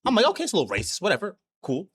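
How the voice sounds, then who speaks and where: High, lively young man recapping anime. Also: very fast, breathy edge. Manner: animated, slangy storytelling with swearing and laughs. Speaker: anime discussion host. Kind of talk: casual chat, recapping an anime.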